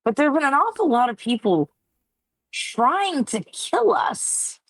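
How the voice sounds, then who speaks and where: A woman's voice: sits high, sing-song, measured pace, dry recording, pitched above the performer's own voice, heavily acted. A woman playing a blunt, sarcastic dwarf. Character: blunt, sardonic female dwarf.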